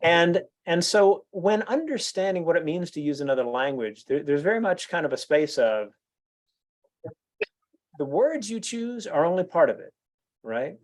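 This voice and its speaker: Guy in his 50s telling a story at a club talk, kinda high voice, super lively, keeps restarting. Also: moderate pace. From United States. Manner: animated storyteller, frequent restarts and "you know". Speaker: guest speaker at a club meeting. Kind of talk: anecdotal speech.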